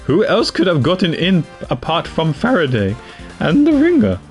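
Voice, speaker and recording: A composed prosecutor lays out his reasoning in measured, formal sentences, as a man reads him in a game. His pitch moves freely, which keeps the delivery animated, and faint music plays underneath. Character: cool, composed male prosecutor.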